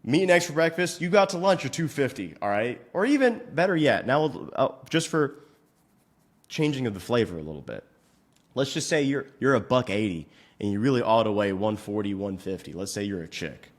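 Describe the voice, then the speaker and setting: Lively-pitched man ranting with crude swearing. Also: a little fast. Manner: crude, swearing, mock-outraged. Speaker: fitness coach. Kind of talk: profane comedic rant.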